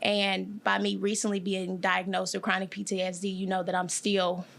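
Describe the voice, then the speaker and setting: Young woman, bright and crisp tone, candid and emotional, halting with fillers. interview guest. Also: medium pitch, completely flat delivery. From Detroit, USA. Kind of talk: personal interview.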